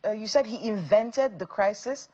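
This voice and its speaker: A woman's voice: mid-range voice, normal speed, dark tone, highs cut off. A woman co-hosting a studio news interview, asking probing, layered questions. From Nigeria. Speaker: co-host.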